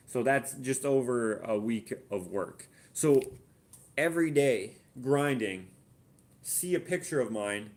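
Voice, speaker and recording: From his home art studio, a Canadian man hosts a casual live Q&A stream, thinking aloud and muttering as he looks things up and works out sums. His voice sits at a medium pitch.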